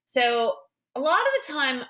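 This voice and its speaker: A woman's voice: high-pitched, big pitch swings, measured pace, pushed and bright. A woman in her fifties, a guest author talking candidly and chattily in a casual interview. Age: 50s. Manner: candid, chatty, lots of fillers.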